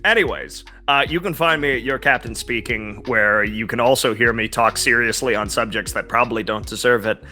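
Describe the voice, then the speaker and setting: A man's voice: medium pitch, fairly quick, few pauses, sharp tone, faint music behind. A man appearing as a guest on a podcast, chatting casually and plugging his own channel with earnest enthusiasm. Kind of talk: casual chat.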